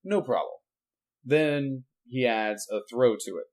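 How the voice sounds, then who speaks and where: At a measured pace and in a mid-range, slightly mellow voice, a podcast co-host keeps the chat casual and relaxed, posing questions and breaking down martial arts moves step by step.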